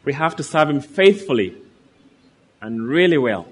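A man's voice: mid-range voice, very animated, unhurried, breathy edge. A man preaching a sermon, reading scripture aloud and earnestly asking his listeners questions.

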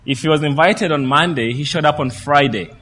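A man preaching a sermon, telling the story in a lively way and acting out what the people in it say. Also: fairly high pitch, a little fast, long reverb tail. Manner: lively storytelling preacher who acts out the quoted speech.

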